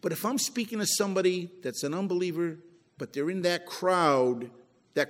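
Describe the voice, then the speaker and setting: A man preaching a sermon as pastor, swinging between emphatic peaks and low, quiet drops. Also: normal speed, long reverb tail. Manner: preachy, rising to emphatic then dropping low. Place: church sanctuary.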